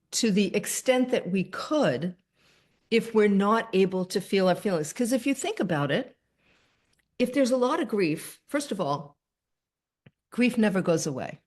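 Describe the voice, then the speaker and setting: An older woman hosting a video call, giving a gentle, thoughtful talk to her viewers. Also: mid-range voice. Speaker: host.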